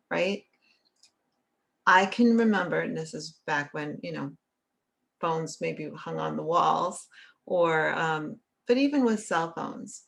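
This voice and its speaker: This licensed therapist and author, a middle-aged woman, has a deep, gravelly voice. She teaches in an earnest, conversational style, regularly checking in with "right?" and acting out little quotes.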